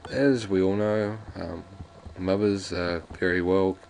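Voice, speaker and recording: A man's voice: deep voice, fairly even intonation, takes it slowly, vocal fry, a little mellow, a little hiss or hum. A man doing casual, rambling gameplay commentary and reading the game's lines aloud. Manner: rambling, jokey, restarts often. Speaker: let's play commentator.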